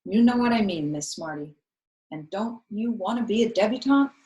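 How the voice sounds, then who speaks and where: A woman reading aloud, voicing a fretful grown woman who works as a family cook, scolding loudly. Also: mid-range voice, animated, moderate pace, muffled recording, lightly acted. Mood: lecturing. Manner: scolding, exasperated, loud. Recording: roomy echo.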